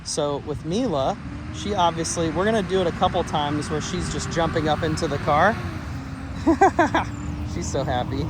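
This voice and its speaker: A man's voice: expressive, normal speed, noisy background. Upbeat male dog trainer outdoors. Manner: upbeat, encouraging, praises dogs in a high sing-song voice. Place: outdoors beside a car.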